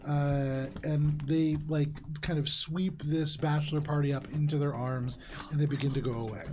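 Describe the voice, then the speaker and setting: Rambling game master, higher voice. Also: male voice, fairly even intonation, moderate pace, a little mellow, a little hiss or hum. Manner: casual, rambling, full of fillers. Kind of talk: narrating a tabletop game.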